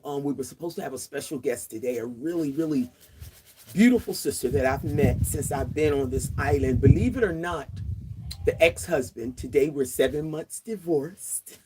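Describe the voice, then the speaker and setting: A woman's voice: low-pitched, mellow, slightly rough. A woman in her sixties hosting a casual livestream chat outdoors, chatty and laughing often as she greets viewers. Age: 60s. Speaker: livestream host.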